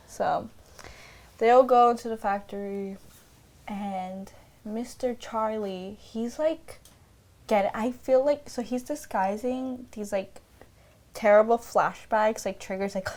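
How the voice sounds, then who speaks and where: A woman's voice: medium pitch, a little mellow. Playful woman chatting casually. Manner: playful, acts out characters in quick voices, lots of "like". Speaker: podcast co-host. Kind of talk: casual chat.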